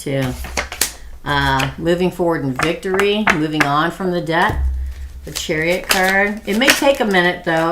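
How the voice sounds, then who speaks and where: Middle-aged woman, tarot reader, low voice, chatty with lots of ums. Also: fairly bright tone, slight background noise. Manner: chatty, thinking aloud with many ums; reads viewer questions aloud and answers them. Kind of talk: live tarot reading for viewers.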